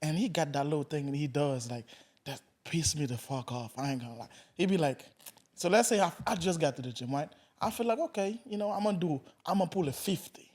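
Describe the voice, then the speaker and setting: A man hosting a podcast, telling stories in a casual, animated way and swearing freely. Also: a little high, a little fast. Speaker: podcast host.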